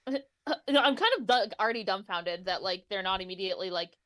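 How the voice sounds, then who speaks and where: A woman's voice: mid-range voice, lively intonation, fast, fairly bright tone, no room sound, clean studio sound. A woman co-hosting a podcast, reacting in disbelief and adding her own comments. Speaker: podcast co-host. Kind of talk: casual true-crime podcast chat.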